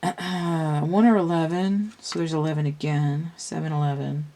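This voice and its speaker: Low-voiced woman musing over tarot. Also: steady tone, measured pace, mellow. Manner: thinks aloud, meandering with restarts. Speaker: tarot reader. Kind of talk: casual tarot reading talk.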